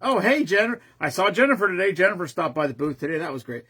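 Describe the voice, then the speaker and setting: Husky, lively man cracking crude jokes. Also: high voice, fast talker. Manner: teasing, crude wisecracks. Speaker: co-host reading viewer comments. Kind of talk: casual livestream banter.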